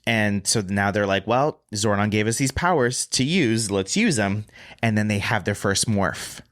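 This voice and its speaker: A speaker casually recapping a story on a podcast, animated and acting out the quotes. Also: mid-range voice, measured pace.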